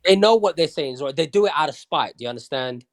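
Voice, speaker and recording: A man's voice: a little high, expressive, quick pace. A man from London, a podcast guest in casual chat, talking bluntly with plenty of swearing and often asking if you understand.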